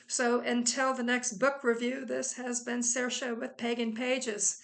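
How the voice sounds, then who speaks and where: A woman's voice: a little high, level tone, measured pace, gravelly. Chatty woman reviewing a book. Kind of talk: casual video book review.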